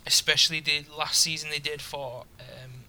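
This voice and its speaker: A man telling a story in casual podcast chat, quick and loose. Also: on the high side, little pitch movement, bright, forceful tone. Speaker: podcast co-host.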